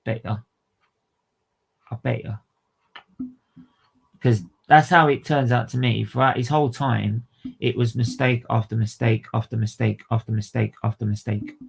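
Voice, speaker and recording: A man's voice: mid-range voice, fairly even intonation, moderate pace, creaky, long pauses, slightly rough. Ranting man on a livestream. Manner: ranting, repeating phrases, swearing, British slang. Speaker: livestream host. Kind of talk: heated fan commentary on a livestream.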